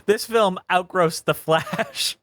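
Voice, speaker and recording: Laughing high-voiced male podcast co-host. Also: fairly bright tone, no echo, clean studio sound. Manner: laughs often, rapid-fire sign-off plugs. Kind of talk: casual chat.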